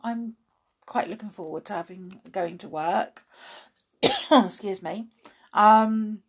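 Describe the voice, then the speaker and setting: A woman's voice: medium pitch, slightly rough. A woman hosting a podcast in a playful, chatty way, drawing out words for emphasis. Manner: playful, drawn-out emphasis, chatty with many fillers. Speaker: podcast host. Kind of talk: casual chat to listeners.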